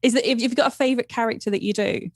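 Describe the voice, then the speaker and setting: A woman's voice: fairly high pitch, steady tone, racing, dry recording, studio quality. A woman with an English accent co-hosting a podcast, chatty and laughing along with her guest. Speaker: podcast co-host. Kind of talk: casual interview chat.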